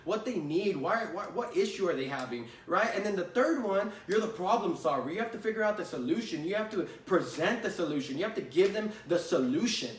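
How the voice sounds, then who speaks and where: High-voiced man teaching sales, roomy echo. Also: expressive, brisk, a little hiss or hum. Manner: conversational, repeats phrases, many "right?" tags. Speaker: sales trainer. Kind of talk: casual spoken lesson. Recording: roomy echo, distant from the mic.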